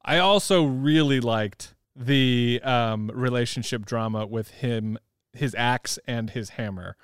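A man's voice: mid-range voice, slow, smooth, dry recording, clean studio sound. A man co-hosting a podcast, talking casually about films, rambling and laughing often. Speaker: podcast co-host. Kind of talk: casual movie chat.

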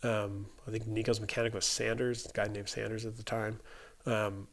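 A man's voice: lowish voice, moderate pace, gravelly. A man who works as a race mechanic, casually telling a story and acting out what people said, with lots of filler words. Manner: animated, acts out quotes, many filler likes. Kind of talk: casual storytelling in a podcast chat.

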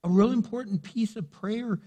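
A middle-aged man, preaching a sermon and acting out everyday conversations, building to loud emphasis. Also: high voice, moderate pace, husky. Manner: animated, acts out quoted voices, builds to loud emphasis. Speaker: pastor.

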